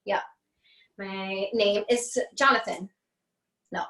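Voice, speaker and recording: A woman's voice: mid-range voice, steady tone, slow pace, bright, forceful tone, roomy sound, far from the mic, poor audio. A woman teaching an online class in a casual, chatty way, laughing often, on a video call.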